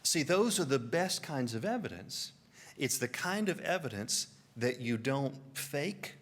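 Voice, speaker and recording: A man's voice: medium pitch, measured pace. Southern American man preaching. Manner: storytelling, animated, puts on voices for quotes. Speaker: pastor. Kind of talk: sermon.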